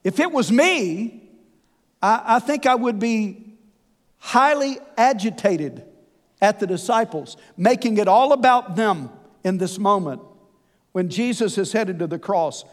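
A man preaching a sermon, folksy and animated with conversational asides. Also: high voice, a little slow. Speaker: pastor. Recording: long hall reverb.

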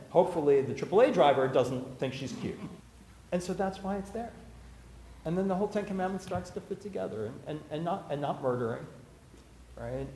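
A man's voice: on the high side, mellow, a little hiss or hum. A man teaching about Jewish law to a live audience, talking casually with stories and acted-out quotes. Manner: conversational, anecdotal, acts out quotes. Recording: echoey hall, faint ambience.

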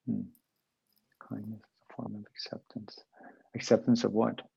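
A man's voice: on the low side, level tone, moderate pace, creaky, mellow, breathy edge, dry recording, dull audio. A man explaining mindfulness in a rambling, self-aware way, acting out little quoted voices. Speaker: interview guest.

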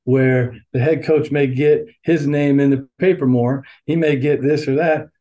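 A man's voice: medium pitch, steady tone, measured pace, dark tone. A middle-aged man, an assistant basketball coach, talking earnestly and getting fired up in a podcast interview.

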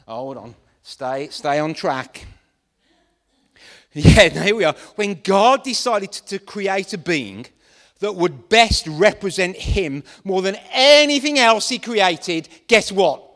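A man preaching a lively sermon to a congregation, animated and playful, acting out scenes as he goes. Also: sits high, big-room sound.

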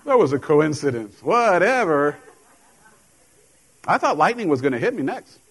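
A middle-aged man delivers a sermon in church, his carrying a tinge. He talks to the congregation like old friends, mixing jokes and laughs into the preaching. His voice sits slightly high for a man. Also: big pitch swings, moderate pace, husky, low-quality recording. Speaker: pastor.

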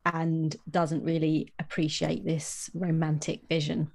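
A woman co-hosting a podcast, chatting about a novel in an enthusiastic way, with quick asides. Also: low voice, level tone, creaky, darkish tone. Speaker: podcast co-host. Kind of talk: casual book chat.

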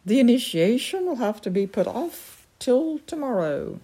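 A woman's voice: on the high side, sing-song, measured pace, mellow, breathy edge, pitched above the performer's own voice, exaggerated voice. A woman voicing a stern, commanding female peregrine falcon in a storybook reading, formal and imperious.

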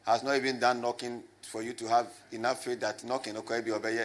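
A man preaching a lively sermon as a pastor, swinging from loud shouts to low asides and calling on the congregation to answer. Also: fast. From Ghana. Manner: animated, rising to shouts and dropping low, with call and response.

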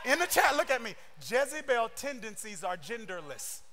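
A man preaching a sermon with fervor, often shouting and throwing rhetorical questions at his listeners. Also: very high-pitched, very animated, normal speed, over loud music. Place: church service streamed online.

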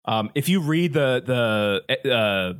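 A man's voice: mid-range voice, animated, takes it slowly, a bit bright, smooth. A man hosting a casual podcast, rambling through his points with lots of fillers, swearing freely and laughing often. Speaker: podcast host presenting slides.

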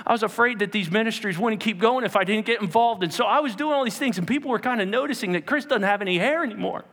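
A man in his forties, a pastor, preaching a lively sermon with jokey stories and acted-out quotes, swinging between loud and hushed. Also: sits high, quick pace, in a large hall.

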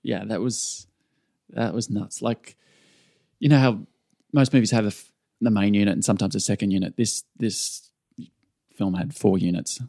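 A man's voice: on the low side, fairly even intonation, normal speed, creaky, warm tone, dry recording, studio quality. A man with an Australian accent, a stunt performer, telling stories in a laid-back podcast interview with lots of fillers and restarts. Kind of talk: casual storytelling interview.

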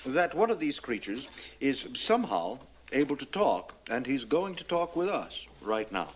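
A man's voice: medium pitch, big pitch swings, normal speed, slightly rough. An actor playing a male TV presenter who formally interviews a creature on air, in a film. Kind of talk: film dialogue.

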